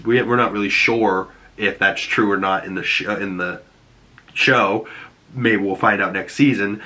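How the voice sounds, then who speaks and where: Excitable Boston man recapping a show. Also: fairly low pitch. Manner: excitable, rambling, animated retelling. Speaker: TV show reviewer. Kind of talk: casual recap vlog.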